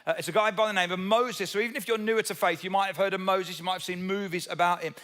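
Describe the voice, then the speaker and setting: High-voiced man preaching a sermon. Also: fairly even intonation, fast talker, a bit bright. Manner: conversational, asks the audience questions; tells Bible stories with humorous asides. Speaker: pastor.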